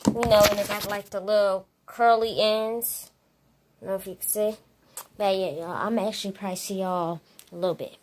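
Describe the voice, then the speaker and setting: A woman's voice: medium pitch, fairly even intonation, moderate pace. A woman chatting casually to her phone camera at home as a vlogger, calling her viewers y'all. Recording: loud background noise.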